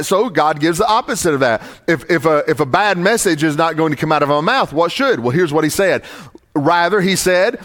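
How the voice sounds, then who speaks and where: A pastor preaching a sermon, reading scripture slowly and building to emphatic stresses on key words. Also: male voice, a little high, expressive, a bit bright. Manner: slow, deliberate scripture reading.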